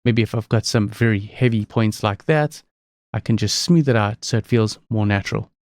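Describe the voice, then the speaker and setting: A man presenting a screen-recorded software tutorial, explaining each step calmly. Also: lowish voice, moderate pace, dry recording, studio quality.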